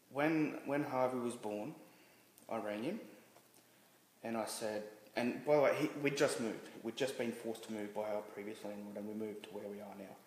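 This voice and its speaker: A man being interviewed as a guest, telling a personal story candidly, halting and restarting with many fillers. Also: fairly low pitch. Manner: halting, frequent restarts and "you know" fillers. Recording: roomy reverberant room with faint noise.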